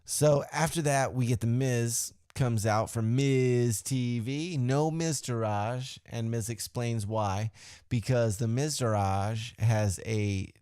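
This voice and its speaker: A man's voice: on the low side, mellow, clear, resonant tone. A man hosting a podcast who recaps a wrestling show in a loose, rambling way, with fillers and some swearing. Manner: acts out quotes in a loose, offhand way. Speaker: podcast host.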